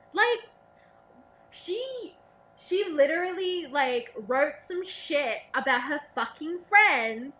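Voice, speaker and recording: A woman's voice: high-pitched, bright, forceful tone, a little hiss or hum. A young woman vlogger ranting casually to camera, profane and sarcastic, slipping into mocking voices.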